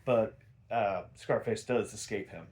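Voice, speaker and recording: A man's voice: on the low side, a little slow, a little mellow. A man hosting a casual episode recap who rambles with fillers and restarts, swears casually, and says he is tired. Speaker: podcast host.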